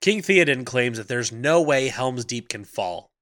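A man's voice: medium pitch, expressive, a little slow, a bit bright, dry recording, clean studio sound. A man co-hosting a podcast, casually recapping a film's plot and acting out characters' lines for laughs. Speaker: podcast co-host. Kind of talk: casual movie recap chat.

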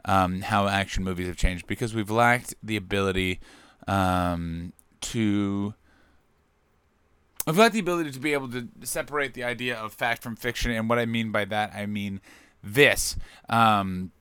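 A man hosting his own comedy podcast, rambling and joking, with loud bursts of excitement. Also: fairly low pitch, moderate pace, clean tone, no room sound. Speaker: podcast host. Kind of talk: solo comedic podcast monologue.

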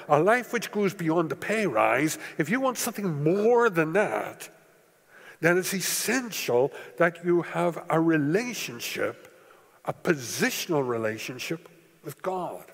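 Animated, husky-voiced man preaching in church. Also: fairly high pitch. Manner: emphatic, repeats key words for stress. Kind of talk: sermon. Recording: long church hall reverb.

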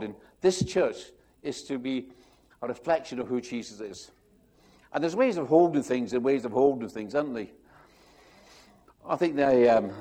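Pastor guy preaching, lively, keeps restarting and acting out quotes. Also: medium pitch. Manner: animated, rambling with restarts and acted quotes. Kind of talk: sermon.

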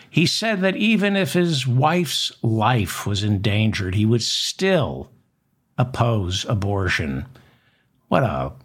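A man hosting a satirical news commentary, delivering a sardonic, mocking monologue with deliberate emphasis. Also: mid-range voice.

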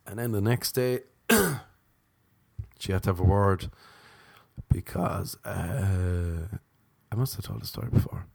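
An Irish man with a cold, hosting a podcast and telling a rambling comic story with sarcastic, deadpan asides. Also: low-pitched, takes it slowly, vocal fry, husky, no room sound. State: sniffly with a cold.

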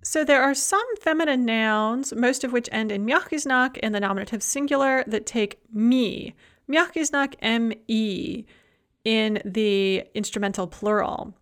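A woman teaching a grammar lesson, explaining rules clearly and reading out pairs of example words. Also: fairly high pitch, unhurried. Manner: clear, methodical, reads example word pairs aloud. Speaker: language teacher.

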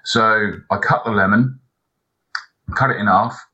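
Brief: male podcast co-host, lowish bright voice, tells sweary rambling stories. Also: steady tone, unhurried, highs cut off. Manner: rambling anecdotes, heavy swearing. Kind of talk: casual chat.

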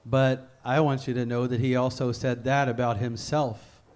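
A man preaching a sermon, reading scripture slowly and deliberately, then leading a fervent prayer. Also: mid-range voice, flat delivery, a little mellow.

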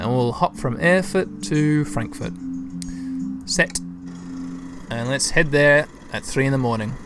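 A man's voice: mid-range voice, creaky. A man giving casual gameplay commentary as a let's-play host, chatty and thinking aloud as he talks to his listeners.

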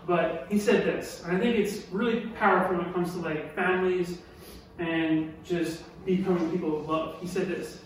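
A man preaching a sermon, animated and emphatic, who repeats key lines and asks his listeners questions. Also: high voice, normal speed. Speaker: pastor. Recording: echoey hall from far off with faint noise.

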